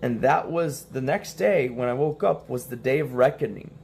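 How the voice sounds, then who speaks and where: A man's voice: medium pitch, moderate pace, gravelly, a little mellow, a little hiss or hum. A young man telling a story in casual stream talk, acting out the quoted lines and laughing between them.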